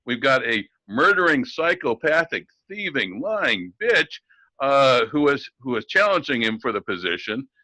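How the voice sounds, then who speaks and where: A man's voice: mid-range voice, big pitch swings, unhurried, bright, forceful tone, no room sound, poor audio. A man co-hosting a talk show, ranting in an indignant, sarcastic way with frequent restarts. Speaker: co-host. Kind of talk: ranting talk-radio commentary.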